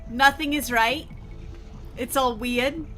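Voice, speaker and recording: A woman's voice: sits high, slow, a bit bright. A woman gaming streamer chatting casually while she plays, rambling and swearing freely. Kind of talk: casual chat while playing. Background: faint game music.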